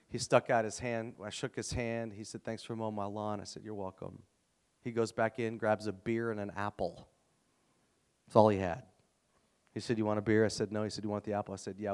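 A middle-aged man preaching a sermon, telling stories and acting out both sides of a conversation with lively energy. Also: on the low side. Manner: storytelling, animated, acts out dialogue. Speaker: guest preacher.

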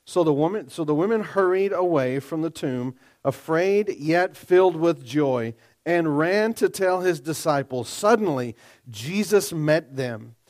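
A man preaching a sermon, moving between quiet scripture reading and loud, excited asides to the congregation. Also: a little high, a little slow. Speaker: pastor.

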